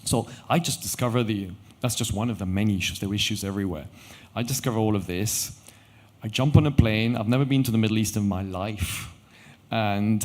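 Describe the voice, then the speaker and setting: A middle-aged man tells a story on an event stage, acting out each exchange as he goes. His voice sits a little low and moves between hushed asides and livelier bursts. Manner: animated anecdotal storytelling with quoted dialogue. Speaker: watch company founder telling a story. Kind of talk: conference storytelling talk.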